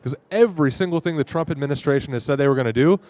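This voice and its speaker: Emphatic, slightly high-voiced man. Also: very fast, darkish tone, dry recording. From Arizona, US. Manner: emphatic, agreeable, opinionated. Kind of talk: casual conversation. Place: convention floor.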